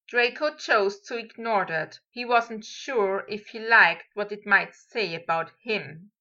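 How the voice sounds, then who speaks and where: A woman narrating a story in a measured, steady reading voice, on a dull lo-fi recording. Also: mid-range voice. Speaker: audiobook reader.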